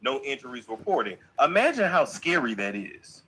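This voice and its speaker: A man co-hosting a casual livestream who reads celebrity news aloud and riffs on it in a playful, animated way. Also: medium pitch, normal speed, breathy edge, poor audio.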